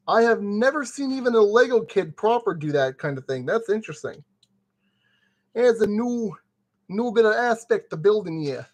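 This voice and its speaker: A man's voice: high-pitched, lively intonation, moderate pace. Man chatting through a brick build. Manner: chatty, talks himself through each step. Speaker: streamer. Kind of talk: casual building-stream commentary.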